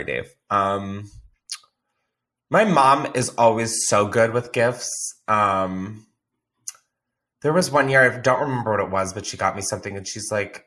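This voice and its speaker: A man hosting a podcast in casual chat, laughing often and telling stories with swearing and animated energy. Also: lowish voice. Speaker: podcast host.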